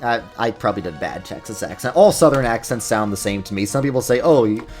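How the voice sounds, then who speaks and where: A man's voice: lowish voice, lively intonation, fast, soft background music. A young man with a New York accent, hosting a casual video with rambling, self-deprecating commentary. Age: young adult. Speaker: YouTuber host. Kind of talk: casual commentary over gameplay.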